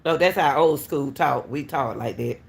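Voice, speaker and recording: A woman, a school crossing guard, casually telling viewers a story in an animated way and calling out to them often. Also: rumbling low, moderate pace, creaky, slightly rough. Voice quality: talks straight to viewers with repeated "y'all", animated and laughing.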